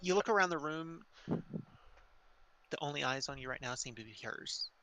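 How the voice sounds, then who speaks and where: A man running a tabletop game as game master, narrating scenes in a relaxed, descriptive way. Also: on the high side, unhurried, slight background noise. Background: music.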